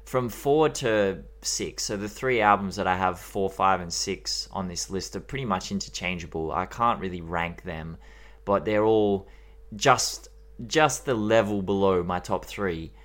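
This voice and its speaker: A man's voice: sits low, a little slow, fairly bright tone. A young Australian man with an Australian accent, chatting enthusiastically on a casual music podcast and swearing freely. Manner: enthusiastic, swears freely, repeats himself for emphasis. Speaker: podcast co-host.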